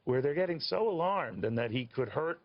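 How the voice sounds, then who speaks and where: A man hosting a live TV interview, chatty, with dramatic build-ups and quick quips. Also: on the high side, expressive, lo-fi sound. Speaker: TV news host.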